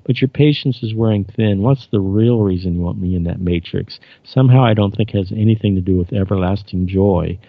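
A stubborn, resolute woman starship captain, voiced by a man reading her lines aloud. The delivery is plain rather than acted, in a low and gravelly voice. The recording sounds dry and lo-fi. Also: a little fast, few pauses, dry recording. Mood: defiant.

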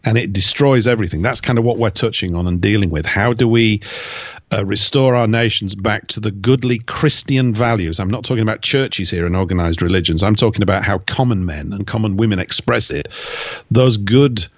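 A man's voice: fairly low pitch, a little fast, no echo, highs cut off. A man giving emphatic, opinionated answers as an interview guest, with mocking asides. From Britain.

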